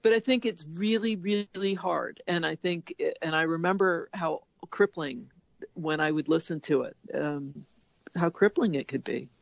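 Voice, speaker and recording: A woman in casual podcast chat about embroidery, animated and laughing often as she acts out inner voices. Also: on the low side, a little slow, vocal fry, dry recording, dull audio.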